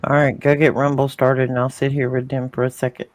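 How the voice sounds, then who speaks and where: A man's voice: medium pitch, monotone, fairly quick, no room sound. Folksy Southern man chatting to viewers. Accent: Southern US rural. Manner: folksy, chatty, reading comments aloud. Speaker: podcast co-host. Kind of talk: casual chat to live viewers.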